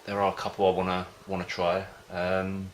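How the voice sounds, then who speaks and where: Deep, flat-voiced rambling home-brew vlogger. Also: male voice, normal speed, a little hiss or hum. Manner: rambling, hesitant, loses his thread. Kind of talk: casual rambling chat to camera.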